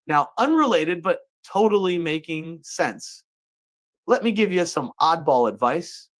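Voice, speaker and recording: Here the comedic monologue host's fairly high voice is very animated, though his pace runs a little slow. His delivery is jokey, full of playful asides and put-on folksy characters.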